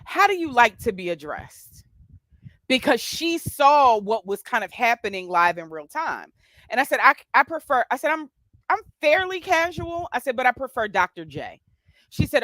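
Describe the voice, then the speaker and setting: A woman's voice: a little high, very animated, moderate pace, a bit bright, no room sound. A woman with a doctorate telling a workplace story in a casual live-stream chat, with many fillers and restarts. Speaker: guest with a doctorate.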